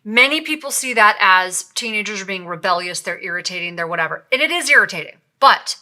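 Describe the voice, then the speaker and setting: A middle-aged woman co-hosting a podcast, telling stories in a lively, animated way. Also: mid-range voice, a little fast. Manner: lively storyteller, animated when quoting. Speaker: podcast co-host, nurse. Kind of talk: casual podcast conversation.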